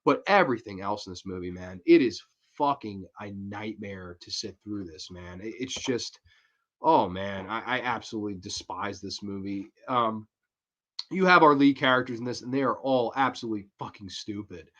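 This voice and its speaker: A man's voice: on the low side, expressive, moderate pace, fairly bright tone. A man hosting a casual show, bluntly and profanely ranting through a horror movie review.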